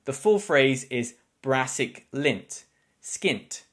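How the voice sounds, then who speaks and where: A man with a British English accent, an English teacher giving a scripted slang lesson with clear explanations and wry asides. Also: mid-range voice, lively intonation, very slow, fairly bright tone. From England.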